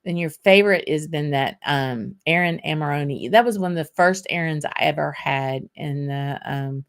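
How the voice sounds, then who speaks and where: A woman's voice: low-pitched, moderate pace, smooth. A woman with a Southern US accent hosting a casual whisky livestream, chatting loosely with lots of ums and laughs as she answers viewer comments.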